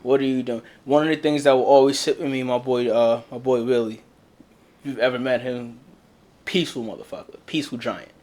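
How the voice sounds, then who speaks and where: A man's voice: mid-range voice, fairly even intonation, brisk, a little mellow. Blunt, profane young man telling a story. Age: young adult. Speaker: podcast co-host. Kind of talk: casual candid chat.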